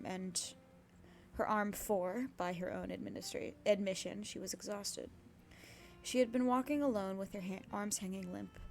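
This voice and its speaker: A woman's voice: medium pitch, gravelly, a little mellow, a little hiss or hum. A young woman streaming herself reading a classic novel aloud, breaking off into cursing asides. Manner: reads steadily with sudden cursing asides.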